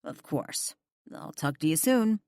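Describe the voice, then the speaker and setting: A woman's voice: low-pitched, expressive, measured pace, creaky, warm tone, no room sound, clean studio sound, exaggerated voice. Woman doing a polite friendly dad.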